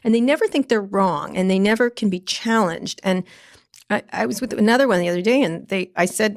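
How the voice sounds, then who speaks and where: A woman's voice: mid-range voice, expressive. A middle-aged woman telling blunt, profane stories in a casual interview. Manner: blunt, profane, fast anecdotes with laughs. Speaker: guest, tech journalist.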